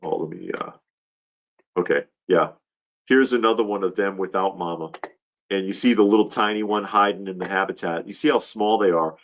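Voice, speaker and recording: A man from Georgia in the US hosts a casual livestream in a deep voice at normal speed. His talk is rambling and heartfelt, and he often restarts his sentences.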